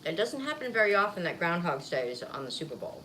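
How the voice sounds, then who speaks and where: A woman's voice: on the low side, sing-song, fast, pushed and bright, rough recording. A woman vlogger chatting casually while eating on camera, rambling and laughing easily. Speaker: mukbang vlogger. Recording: faint background noise.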